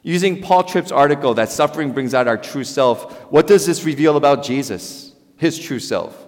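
A man preaching a sermon as a pastor, animated, swinging between loud emphasis and quiet, softer passages. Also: medium pitch. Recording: long hall reverb.

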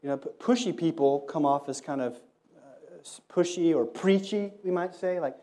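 Conversational male preacher, mellow tone. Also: a little high, normal speed. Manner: conversational, animated, acts out quoted voices. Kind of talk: sermon with storytelling.

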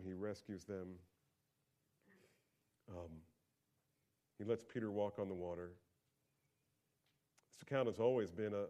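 A pastor delivers a sermon in a conversational way, his fairly low voice swinging from quiet asides up to loud, emphatic peaks.

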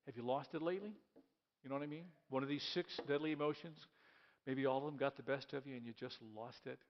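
A man preaching a sermon in a church, lively and repeating key lines as he leads the congregation in reading aloud. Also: medium pitch, quick pace, highs cut off. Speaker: pastor.

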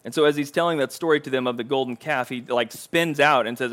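A man's voice: mid-range voice, fast talker, few pauses, a bit bright. A man preaching a sermon in a conversational way, acting out quotes with rising intensity.

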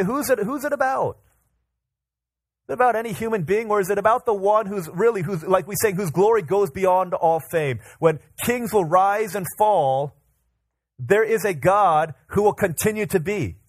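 A male pastor delivering an energetic, conversational sermon, his voice sitting a little high for a man. He stumbles and repeats words as he builds his examples. The sound is dry and close, with little room around it. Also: no echo. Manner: lively, repeats and restarts words, uses everyday examples. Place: church service with congregation.

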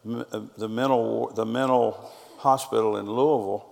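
With a big-room sound around him, a middle-aged pastor preaches at normal speed in a mid-range, darkish voice with vocal fry and fairly even intonation. His sermon unfolds through stories, trading quoted lines between people.

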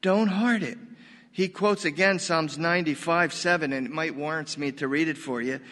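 High, bright-voiced preaching man. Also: moderate pace, big-room sound. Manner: animated, folksy preaching with sudden loud bursts. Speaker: pastor. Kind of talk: sermon.

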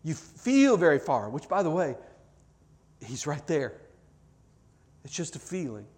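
Earnest pastor guy preaching then praying, kinda high voice, repeats himself a lot. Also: sing-song, unhurried. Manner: earnest, repeats words, builds to loud peaks then drops soft. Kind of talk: sermon and closing prayer. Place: church hall with live audience.

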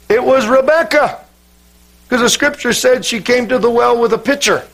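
A man's voice: extremely high pitch, moderate pace, vocal fry, fairly bright tone. A man pastor, joking with his congregation and then leading fervent worship in prayer. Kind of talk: sermon.

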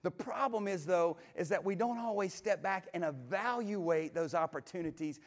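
A man's voice: sits high, moderate pace, long reverb tail. A pastor delivering a conversational sermon, often restarting and stumbling over words as he retells a scripture story. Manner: conversational preaching with frequent restarts and stammers.

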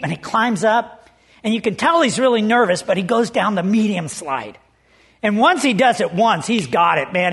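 Male pastor, high-pitched, conversational sermon delivery, earnest storyteller. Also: fairly bright tone.

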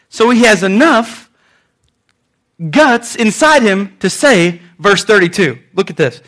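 A pastor preaching a sermon, animated and joking, acting out quotes as he goes. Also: high-pitched, slow.

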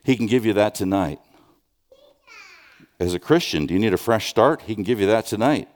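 A man preaching a sermon, conversational with restarts and rhetorical questions, dropping soft and then rising with urgency. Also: fairly low pitch, expressive, moderate pace. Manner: swings from soft, hushed lines to raised, urgent questions. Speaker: pastor.

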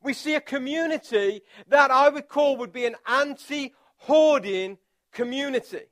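Unhurried and extremely high-pitched, a man preaches a relaxed, conversational sermon as pastor. He's chatty and self-deprecating, and his speech carries filler words and restarts.

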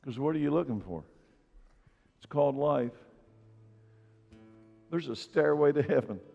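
A man's voice: fairly high pitch, lively intonation, measured pace, vocal fry, soft background music. A man preaching a sermon as pastor to his church, emphatic and building in force on key points. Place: church sanctuary. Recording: dull, echoey church hall recording.

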